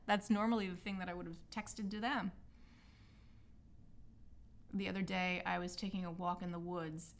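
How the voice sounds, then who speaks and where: A woman sharing a personal story in a candid, reflective monologue, speaking loosely with many fillers and openly apologizing for past mistakes. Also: fairly low pitch. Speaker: healing arts practitioner hosting a personal podcast.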